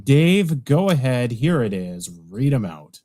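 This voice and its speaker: A man's voice: medium pitch, very animated, a little slow, dark tone. A man co-hosting a livestream, chatting casually and teasing the guest. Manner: playful, teasing. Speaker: livestream co-host.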